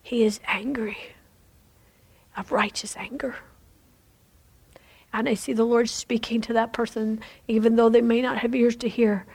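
Husky woman leading fervent prayer. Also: on the high side, flat delivery, unhurried, long pauses, darkish tone. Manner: fervent, repetitive, slipping into whispers. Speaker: prayer leader. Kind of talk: prophetic prayer.

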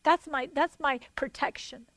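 A woman with a high voice preaches a sermon. She is animated and swings between loud declarations and hushed asides, and voices God and others in quotes. The sound is close and dry, with no room echo. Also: measured pace.

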